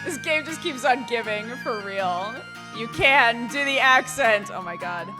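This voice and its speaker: A woman's voice: fairly high pitch, animated, unhurried. A woman streamer chatting casually while playing a game, with giggly asides. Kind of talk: live game-playing chat. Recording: faint game music behind.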